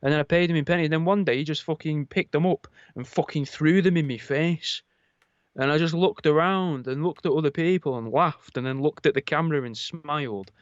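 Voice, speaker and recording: A man's voice: a little high, a little fast, clean tone, dry recording, highs cut off. Sweary man telling stories. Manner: animated storytelling, swears freely. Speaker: podcast co-host. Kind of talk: casual chat.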